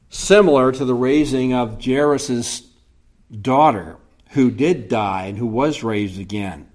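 A man preaching an earnest expository sermon, slow and deliberate. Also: medium pitch.

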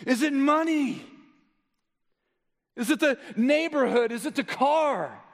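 High-voiced male preacher in a reverberant hall. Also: animated, takes it slowly. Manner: preaching with rhetorical questions, swinging from loud emphasis to low quiet delivery. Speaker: pastor. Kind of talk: sermon.

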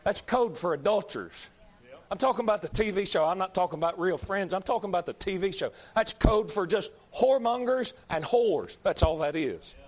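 Preacher, man, high voice, emphatic, repetitive, loud at the peaks. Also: animated, brisk. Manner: emphatic, repeats lines, builds to shouts. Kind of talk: fiery sermon.

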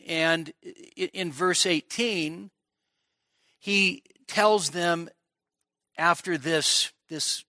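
A man's voice: high-pitched, pushed and bright, no room sound, clean studio sound. A middle-aged man preaching an expository sermon at a midweek church service, emphatic, often repeating words as he builds a point. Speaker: pastor.

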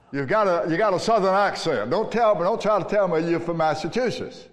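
A preacher voicing a pushy accuser. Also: male voice, sits high, normal speed, natural voice. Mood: accusing.

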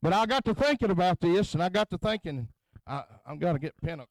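A man's voice: high voice, animated, brisk, no echo, poor audio. A man preaching at a tent revival into a handheld microphone, punctuating his phrases with a chanted "huh?" as he builds intensity. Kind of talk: revival sermon.

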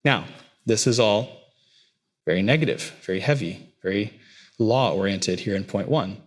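A man preaching a sermon as pastor, his delivery swinging between quiet, heavy low stretches and raised, emphatic lines. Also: normal speed.

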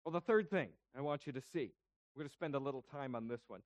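A man's voice: mid-range voice, animated, fast, dry recording. A male pastor preaching a sermon, explaining scripture and asking rhetorical questions.

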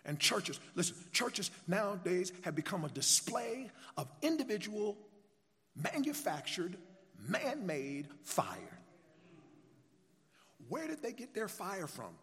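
High-voiced preacher in a reverberant church. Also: male voice, sing-song, slow, fairly bright tone. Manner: call-and-response with congregation, rhetorical questions. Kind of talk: sermon. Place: church sanctuary.

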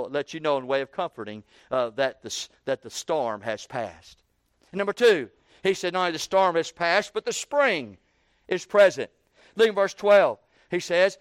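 High-voiced preacher with a lilt. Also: male voice, smooth, no room sound. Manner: rhythmic preaching, swelling from quiet low phrases to loud ecstatic climaxes. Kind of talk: sermon.

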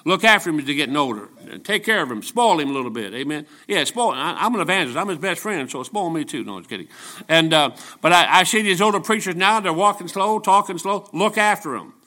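Bright-voiced man preaching a folksy sermon. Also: fairly high pitch, expressive, quick pace. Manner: folksy, storytelling preaching with frequent restarts. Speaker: traveling evangelist. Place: church.

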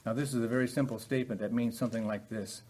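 An older man teaching a Bible passage in a sermon style, earnest, moving from quiet explanation to loud emphatic passages. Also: mid-range voice, fairly even intonation, very fast, breathy edge.

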